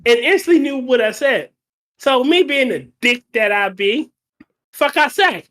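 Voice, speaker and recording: A man on a casual podcast telling work stories, halting and restarting, swearing freely. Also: very high voice, animated, fairly bright tone. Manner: halting, profane storytelling with restarts. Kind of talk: casual storytelling chat.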